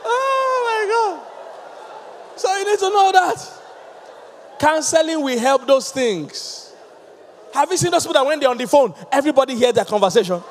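A man with a Nigerian accent preaching a sermon as pastor, with lively, emphatic delivery and questions thrown out to the congregation. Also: very high voice, fairly quick, in a large hall, background noise.

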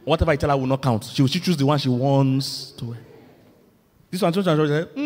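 A male pastor, preaching a lively, humorous sermon that builds to loud emphatic points. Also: on the high side, fast talker. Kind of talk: sermon on marriage. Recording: long reverb of a large hall.

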